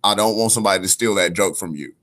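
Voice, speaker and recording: A man's voice: low voice, racing, fairly bright tone. A man, a guest comedian, telling a story in casual podcast chat and acting out the dialogue.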